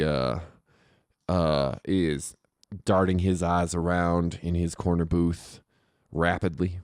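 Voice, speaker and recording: A man narrating his scene in a tabletop role-playing game, halting with lots of fillers. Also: low-pitched, darkish tone, smooth, no echo, studio quality. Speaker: player.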